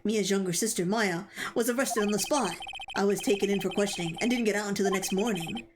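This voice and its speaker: A woman's voice: mid-range voice, fast talker, background noise, close to an everyday voice. A woman voicing the anxious inner narration of a young male defense lawyer, full of nervous, self-doubting asides.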